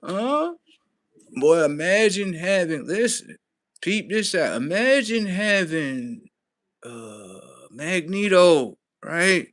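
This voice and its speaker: Male live streamer, high-pitched and animated, with a profane, slangy rant. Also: takes it slowly.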